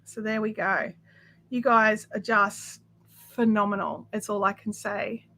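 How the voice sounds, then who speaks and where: A woman's voice: mid-range voice, steady tone, a little slow, sharp tone. A woman with an Australian accent hosting a craft livestream from home, chatting effusively with viewers and reading out their comments, full of fillers and restarts.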